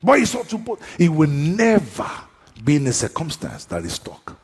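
A pastor preaching in a raspy, gravelly voice, his pitch leaping high and dropping low. He bursts into shouts, then slows to drawn-out phrases. The sound carries the long echo of a large hall. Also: huge pitch swings. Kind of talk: sermon. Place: church service with a seated congregation.

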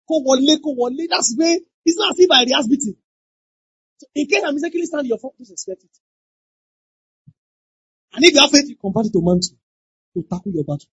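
A pastor preaching a sermon, emphatic, repeating lines and breaking into shouted exclamations. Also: high voice, expressive, fairly quick, pauses often, no echo. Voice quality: very husky. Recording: dull lo-fi dry recording.

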